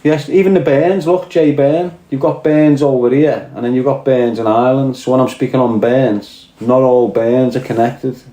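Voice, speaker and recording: A man's voice: mid-range voice, fairly even intonation, moderate pace, few pauses, warm tone. A man with a Scouse accent hosting a casual podcast chat, rambling and reading out viewer comments. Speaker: podcast host. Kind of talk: casual live-stream chat. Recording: echoey room.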